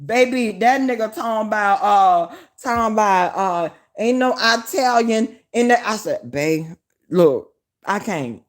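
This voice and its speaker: Loud, profane Southern woman vlogger. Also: fairly high pitch, unhurried, few pauses. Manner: loud, profane and animated, hollering and addressing viewers as y'all. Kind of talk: casual livestream chat.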